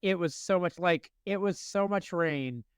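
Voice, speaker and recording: A man around forty chats casually as a podcast co-host, telling lively stories and laughing along. His voice is fairly high and smooth. The sound is close and dry. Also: measured pace, no echo. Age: late 30s to early 40s. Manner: animated storytelling with laughs. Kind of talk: casual chat.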